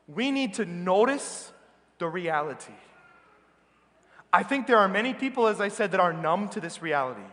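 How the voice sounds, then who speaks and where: A man with an American accent preaching a sermon as a priest, earnest and emphatic, slowing down on key words. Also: high-pitched, fairly bright tone. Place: large church. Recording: reverberant church hall.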